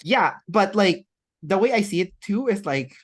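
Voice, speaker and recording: A woman's voice: medium pitch, lively intonation, normal speed, slightly rough. Chatty woman rambling through an interview. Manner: chatty and rambling, many fillers and restarts. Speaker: interview guest. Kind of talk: casual interview chat.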